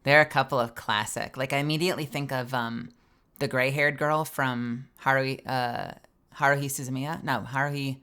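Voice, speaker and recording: A woman streamer with a low voice talks shop about voice acting in a loose, animated way, swearing freely as she goes. She is a voice actor herself and explains the craft to her viewers in a casual live-stream chat. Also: moderate pace.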